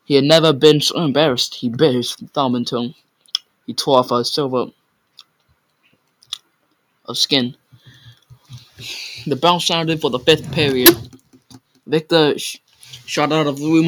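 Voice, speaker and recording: A man's voice: medium pitch, fairly bright tone, low-quality recording. A man reading a story aloud in a casual way, often stumbling over words and correcting himself.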